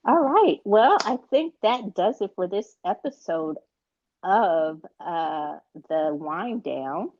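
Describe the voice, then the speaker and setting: Lower-voiced woman chatting on a dull lo-fi mic. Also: animated, takes it slowly, darkish tone, no room sound. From United States. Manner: chatty, rambling with many fillers. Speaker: podcast co-host. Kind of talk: casual chat. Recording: dull, dry lo-fi sound.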